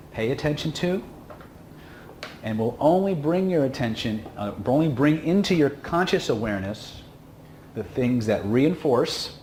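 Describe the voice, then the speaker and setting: A man lecturing a seminar crowd in a casual, emphatic way. His voice sits at an ordinary middle pitch. It rings in an echoey room over a faint hum. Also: darkish tone. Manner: casual, emphatic, with frequent "okay?" checks. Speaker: instructor.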